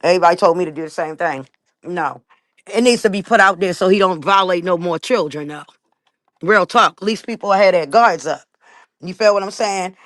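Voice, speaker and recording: A woman's voice: on the low side, a little fast, a bit bright. A woman hosting a livestream, talking bluntly and emphatically in a heated, profane rant. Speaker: livestream host.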